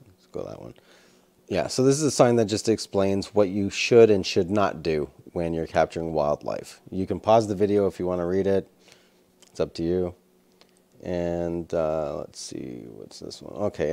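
Deep-voiced, easygoing male photographer. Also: darkish tone. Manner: easygoing, rambling with fillers. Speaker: wildlife photographer. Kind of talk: casual commentary over photos.

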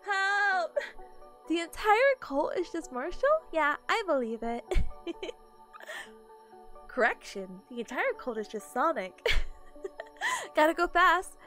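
A woman's voice: extremely high pitch, big pitch swings, slow pace, pauses often, a bit bright, faint music behind. A sleepy woman streamer chatting casually with her viewers, giggling often and greeting people in chat.

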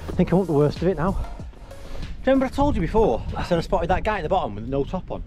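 A man's voice: a little high, sing-song, rapid-fire, music in the background. A man vlogging outdoors on a rocky mountain as he climbs, talking chattily to an action camera while cold and working hard. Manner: chatty, self-deprecating, exclaims while climbing. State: cold, exerting himself climbing. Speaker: hiking vlogger. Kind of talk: breathless on-the-go commentary. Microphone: handheld or body-mounted action camera.

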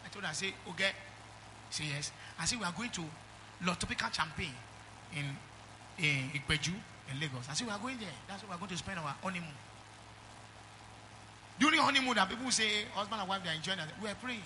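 This pastor, a middle-aged man with a Nigerian accent, preaches quickly in a high voice with lively intonation, pausing often. Background noise is present as he emphatically calls the congregation to answer with amens.

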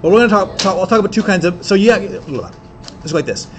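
A man teaching an English class, explaining in quick bursts with many fillers and restarts. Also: high-pitched, sing-song, a little hiss or hum. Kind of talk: classroom lecture.

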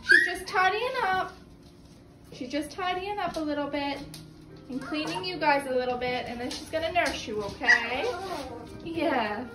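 A woman narrating a casual home vlog, chatty and giggly, cooing baby talk to puppies in a warm room, filmed on a handheld camera. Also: sits high, measured pace. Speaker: dog breeder vlogger. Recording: echoey room with music underneath.

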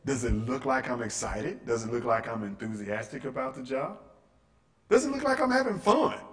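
A man leading a lively teaching session in a church room, acting out quotes and firing off rhetorical questions to the audience. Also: medium pitch. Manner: animated, acts out quotes and asks rhetorical questions. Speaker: workshop speaker. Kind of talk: interactive teaching talk.

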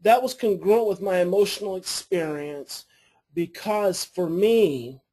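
A man, an adoption coach and therapist, telling a story to his class in a lively way and acting out the people in it. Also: sits high, measured pace. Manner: animated storytelling, acts out quoted voices.

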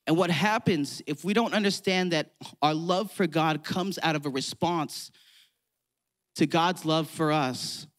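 Pastor guy giving a sermon, kinda high voice, chatty and jokey, acts out silly prayers. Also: unhurried. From California. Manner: conversational, playful, acts out mock prayers. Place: church hall with congregation.

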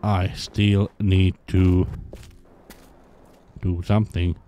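A man's voice: low-pitched, level tone, drawn-out words, dark tone, a little hiss or hum. A man giving casual let's play commentary on a hidden-object game, grumbling sarcastically and swearing often.

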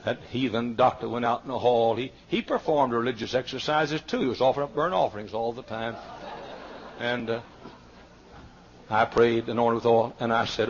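An older male Southern American pastor preaching a sermon, telling stories and swinging between quiet asides and shouted climaxes. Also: mid-range voice, normal speed. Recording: dull lo-fi archival sermon tape.

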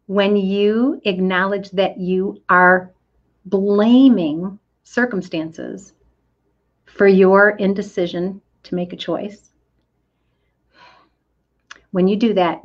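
A woman's voice: mid-range voice, takes it slowly. A middle-aged woman coaching listeners in a motivational talk, earnest and emphatic, speaking to them directly. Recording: dull lo-fi audio.

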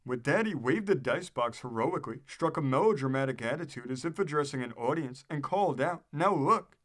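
A man with a middle-pitched voice reads an old newspaper article aloud. His delivery is steady and measured, narrating each scene plainly.

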